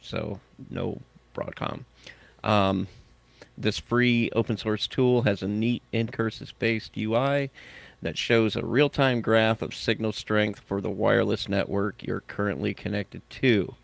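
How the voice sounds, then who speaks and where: A man's voice: on the low side, fairly even intonation, measured pace, creaky, no echo. A man hosting a podcast, chatting and joking, then reading tech news items aloud. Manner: joking, self-mocking, reads items aloud. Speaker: podcast host.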